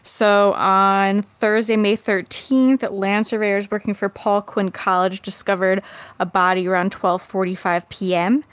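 A woman's voice: medium pitch, little pitch movement, unhurried, smooth, dry recording. Chatty woman podcast co-host. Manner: chatty, reads case details aloud. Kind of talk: casual chat.

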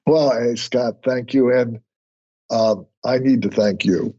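Husky-voiced man telling workplace stories. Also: medium pitch, slow pace. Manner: storytelling, animated when quoting others. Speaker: guest. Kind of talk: conversational interview. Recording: husky voice, dull lo-fi audio.

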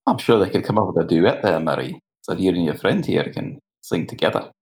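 A man's voice: low voice, lively intonation, a little fast, vocal fry, a little mellow. A man playing a tabletop game in character, with a sly, easygoing manner. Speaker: player.

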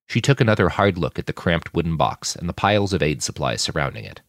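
A man hosting a fiction podcast, reading his own story aloud with expressive scripted narration. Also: sits low, fast, no echo, studio quality. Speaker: podcast host and fiction author.

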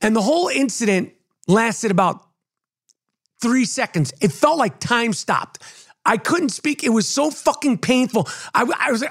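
A man tells a comic story on his podcast, swearing freely. His voice sits high and swings widely as he acts out the people in it. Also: lively intonation, normal speed, a bit bright. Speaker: podcast host.

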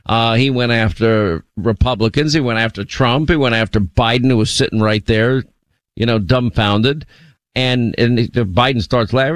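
A man's voice: medium pitch, normal speed, no echo. A man hosting a talk radio show, speaking bluntly, often repeating words as he starts a thought.

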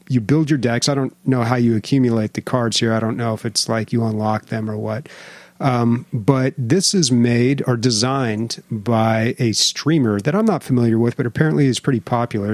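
A man co-hosting a casual gaming podcast, talking in a hesitant, measured way. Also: medium pitch, no room sound. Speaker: podcast co-host. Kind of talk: casual chat.

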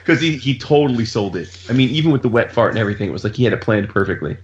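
A man co-hosting a podcast, telling a crude story in an animated, casual way and swearing freely. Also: mid-range voice, racing, dull audio. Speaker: podcast co-host.

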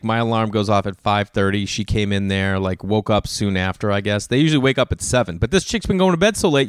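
A man's voice: medium pitch, smooth, dry recording, studio quality. A man hosting a podcast, chatting casually on his own and acting out family conversations as he tells stories, cursing freely. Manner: animated storyteller who acts out family dialogue; loose, swears casually. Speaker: podcast host. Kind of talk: casual solo monologue.

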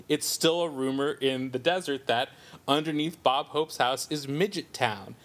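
This man in his forties, raised in the Southern California desert, co-hosts a podcast. His mid-range voice is a bit bright and moves at normal speed as he tells a long, self-amused story in casual chat.

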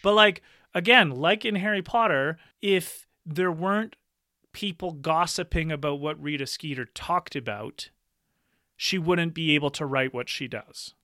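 Bright-voiced man talking earnestly. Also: on the high side, no echo, studio quality. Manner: earnest, thoughtful, quick to laugh. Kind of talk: casual podcast conversation.

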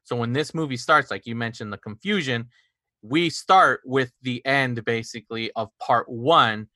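A young man in casual movie chat who rambles and retells scenes, quick to call himself an idiot. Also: mid-range voice, sharp tone, dry recording. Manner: rambling, self-deprecating, recounts scenes with quoted lines.

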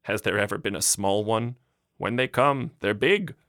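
A man's voice: on the low side, normal speed, fairly bright tone, dry recording, studio quality, pitched above the performer's own voice. A man reading an audiobook, voicing an older woman who scolds her husband in an exasperated tone. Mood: dismissive. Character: mayor's wife, older woman, exasperated and sharp.

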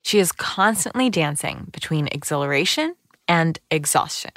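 A woman hosting a podcast, reading a scripted narration in an even, measured way. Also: low voice, dry recording, studio quality. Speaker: podcast host. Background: music.

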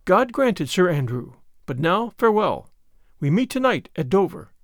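A man's voice: sits high, big pitch swings, moderate pace, dry recording, studio quality. A man voicing a desperate noble lady who pleads earnestly for help. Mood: resolute. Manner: pleading, urgent.

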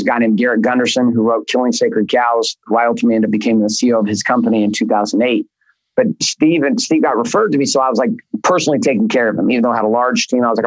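A man with a medium-pitched voice, a business coach appearing as an interview guest, tells stories bluntly with casual swearing in a rambling, repetitive flow. It's candid interview talk, captured in a dry recording with poor audio quality.

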